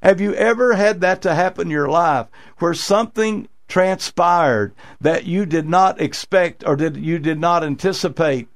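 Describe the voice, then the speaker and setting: A man preaching an earnest sermon as pastor of a radio church, repeating his phrases and pausing on fillers. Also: on the high side.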